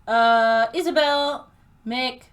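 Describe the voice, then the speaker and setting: A woman streaming a game, reading its text aloud and chatting casually, laughing often and tripping over unfamiliar names. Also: high voice. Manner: giggly, reads slowly and stumbles on names.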